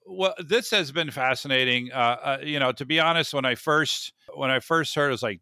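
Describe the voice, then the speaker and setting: A man's voice: mid-range voice, normal speed, hardly any pauses, pushed and bright, dry recording, clean studio sound. A man hosting a podcast, chatty and self-deprecating, rambling a bit as he talks. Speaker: podcast host. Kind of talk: casual podcast interview.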